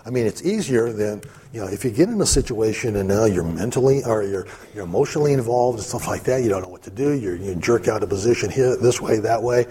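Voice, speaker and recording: Casting: male preacher, low husky voice, warm and mellow tone, chatty and informal delivery. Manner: conversational, many fillers and asides. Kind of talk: casual Bible teaching.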